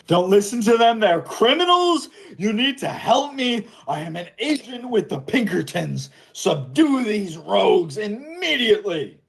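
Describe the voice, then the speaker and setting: A man voicing a wounded, panicky male lawman who shouts shrill demands in a tabletop game. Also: big pitch swings, unhurried, vocal fry, few pauses, heavily acted. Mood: frantic.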